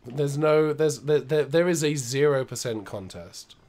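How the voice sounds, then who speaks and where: A man's voice: mid-range voice, unhurried, a little mellow. A man co-hosting a retro video game show, casually commenting while he plays, rambling and knowledgeable. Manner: rambling, knowledgeable, many restarts. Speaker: co-host playing retro games.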